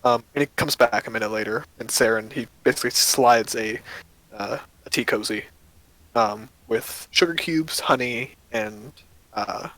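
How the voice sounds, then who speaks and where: Relaxed man running a tabletop game. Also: mid-range voice, moderate pace, no echo, poor audio. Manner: relaxed, loose storytelling. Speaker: game master.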